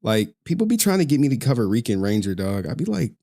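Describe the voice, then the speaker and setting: A man's voice: medium pitch, very animated, quick pace, gravelly, dark tone. A male streamer in a casual, profane rant to his viewers, slangy and often laughing.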